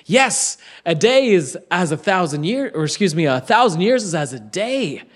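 Young male preacher, slightly high voice, casual and earnest, sermon delivery that sinks into soft hushed stretches. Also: breathy edge. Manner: earnest, conversational preaching that drops to near-whispers.

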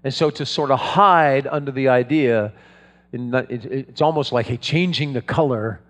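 A man preaching in a big hall, with a long tail of reverb behind him. He tells stories loosely and conversationally, often restarting his phrases. His pitch sits in an ordinary middle range. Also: normal speed, a bit bright. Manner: storytelling, conversational with frequent restarts. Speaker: pastor. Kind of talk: sermon.

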